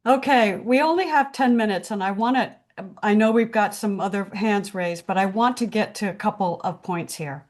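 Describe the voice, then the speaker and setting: A woman leading a spiritual study group, calmly explaining the ideas and reading passages aloud. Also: mid-range voice, moderate pace. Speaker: group leader.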